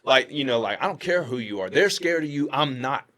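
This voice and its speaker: A man from Pittsburgh, a podcast guest, telling a story in casual chat and acting out the quotes with his voice jumping up high. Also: fairly quick. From Pittsburgh, USA. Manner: animated retelling, acts out quotes with rising pitch.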